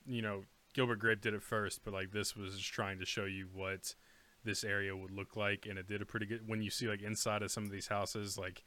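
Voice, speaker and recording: A man's voice: on the low side, little pitch movement, brisk, pushed and bright. A young man co-hosting a podcast, telling stories bluntly and with animation in casual chat. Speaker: podcast co-host.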